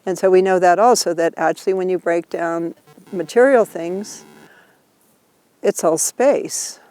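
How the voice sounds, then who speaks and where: A Buddhist teacher leading a tour teaches a group outdoors, informally explaining ideas as they walk, patient and laughing often. Her voice is lowish, a little slow, with a dark tone.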